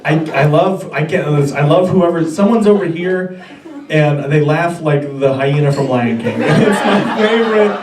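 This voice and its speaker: A man's voice: a little high, expressive, unhurried. A young man in his twenties doing a stand-up comedy set on a club stage, rambling and self-deprecating with stammering restarts. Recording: roomy club audio from far off with crowd. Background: audience laughter.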